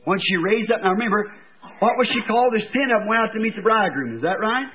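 High-voiced fervent preacher man, tinny tape. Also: lively intonation, quick pace. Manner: fervent, swings from soft to loud. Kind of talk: sermon.

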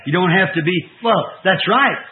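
A man in his fifties preaching a sermon, shifting between soft asides and drawn-out shouted emphasis. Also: high-pitched, lively intonation. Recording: tinny old phone-like recording.

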